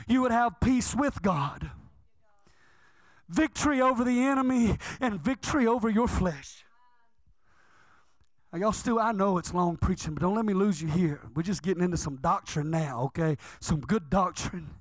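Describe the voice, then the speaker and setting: A man's voice: sits high, expressive, normal speed, no echo. A man, fervent and emphatic, stretching out the words he stresses. The sound is dry and close, with no room around it. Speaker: preacher. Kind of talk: sermon.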